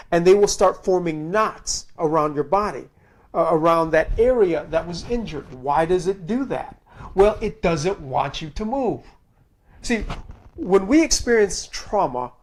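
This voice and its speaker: A male preacher delivering a sermon, telling stories with animated swings between loud and hushed, and reading scripture in slow, drawn-out phrases. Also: high-pitched.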